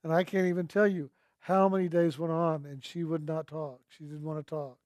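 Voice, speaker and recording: A man telling a personal spiritual story in a gentle, earnest way, slowly repeating his key phrases. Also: on the high side, little pitch movement, dry recording, studio quality. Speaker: speaker sharing a personal testimony.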